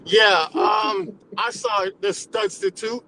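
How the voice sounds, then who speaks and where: A man's voice: high-pitched, sing-song, takes it slowly, gravelly, sharp tone, raised voice, rough recording. A man co-hosting a podcast in casual chat, hesitant and hedging.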